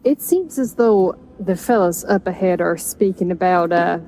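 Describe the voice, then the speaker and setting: A woman's voice: on the low side, moderate pace, dark tone. A woman playing a tabletop game, speaking in character with formal, prim phrasing. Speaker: player. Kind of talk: in-character role-play.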